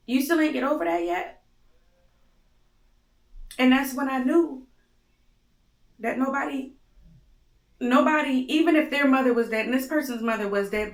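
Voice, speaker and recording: Tearful, blunt woman in an echoey room. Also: high voice. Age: 30s. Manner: raw, blunt, profane. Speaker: host. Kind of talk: candid emotional monologue. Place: home.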